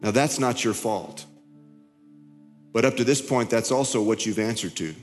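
A middle-aged man preaching a sermon in a conversational, confessional way, telling a story with many halting restarts. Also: medium pitch, long reverb tail, soft background music. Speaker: pastor.

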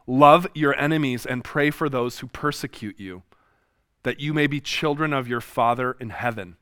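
A man in his thirties giving a classroom lecture, his voice sitting a little high for a man. He reads passages aloud and acts out quoted exchanges with lively swings, and the sound is dry and close. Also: smooth, no room sound. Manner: animated, acts out quoted dialogue.

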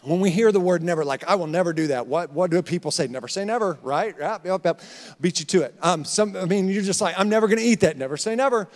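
A man's voice: sits high, animated, fast talker, big-room sound. A man preaching a sermon as pastor, emphatic and joking, calling out to his congregation. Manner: emphatic, calls out to the congregation, jokes. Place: church sanctuary.

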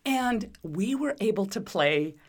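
Woman, middle-aged, casual chat, lively pitch, laughs through her stories. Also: slow pace, breathy edge. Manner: animated storyteller, laughs often mid-sentence.

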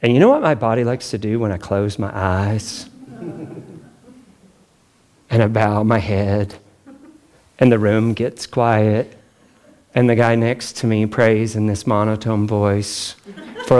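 A man preaching a sermon as pastor, talking in a chatty, joking way and acting out quotes with big pitch swings. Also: slow pace, long pauses, a little mellow.

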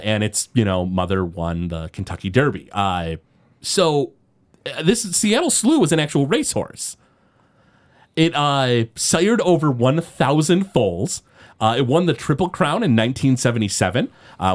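A man co-hosting a casual podcast, recapping a cartoon episode with lots of fillers. His pitch leaps and dips as he tells the story. He slips into exaggerated voices for the quotes. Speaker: podcast co-host.

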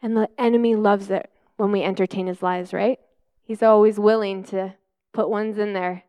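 A woman's voice: mid-range voice, flat delivery, fairly quick, a little mellow, clear, resonant tone, no room sound. A young woman telling a personal testimony in a church talk, heartfelt and conversational with many fillers. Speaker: speaker sharing a testimony in church.

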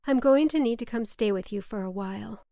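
A woman's voice: on the high side, a little fast, warm tone, no room sound, studio quality, close to an everyday voice. A woman voicing her curt, indignant, hard-drinking mother, who swears freely and snaps back.

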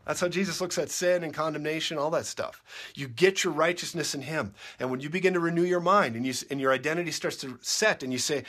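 Guy preaching a sermon, kinda high voice, keeps repeating himself, goes from soft to yelling. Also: lively intonation, a little fast. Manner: insistent, repetitive, swings from quiet to shouting.

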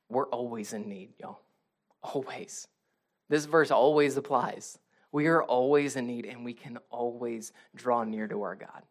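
A man in his thirties preaching a sermon as pastor, talking casually and animatedly, sometimes dropping to a hush. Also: medium pitch. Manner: conversational and animated, with rising intensity and hushed moments.

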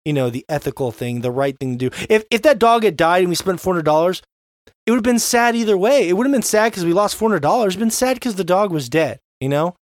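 A young adult man co-hosting a podcast, telling a story in an animated, casual way and swearing now and then. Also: high voice, quick pace, dry recording, clean studio sound. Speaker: podcast co-host. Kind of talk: casual chat.

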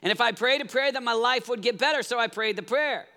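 Skeptical young male flight attendant, casual and offhand, quoted by a preacher; high, bright voice in a hall. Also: fast, exaggerated voice. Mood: disillusioned.

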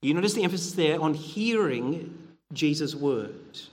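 High-voiced preacher in a reverberant hall. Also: male voice, expressive, moderate pace. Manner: earnest, conversational, with frequent "uh" and restarts. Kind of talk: sermon.

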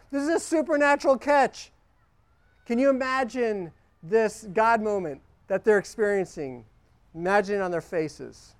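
A middle-aged male pastor preaching a sermon in an earnest, prayerful way, dropping to hushed prayer and rising when animated. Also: very high voice, moderate pace, clean tone.

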